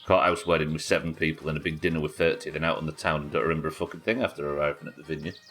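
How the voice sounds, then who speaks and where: Deep british guy chatting and cursing over a game stream, low voice, faint music under it. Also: fairly even intonation, rapid-fire, a bit bright. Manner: chatty, swears, reads chat aloud. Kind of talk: casual gameplay chat.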